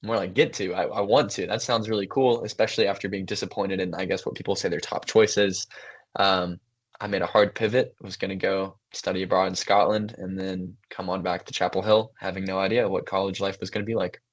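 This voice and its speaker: A young man co-hosting a podcast, telling stories in an easy, thoughtful way with frequent pauses and fillers. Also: low voice, little pitch movement. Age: young adult. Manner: thoughtful, storytelling, many fillers. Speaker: podcast co-host, son. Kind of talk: casual conversation.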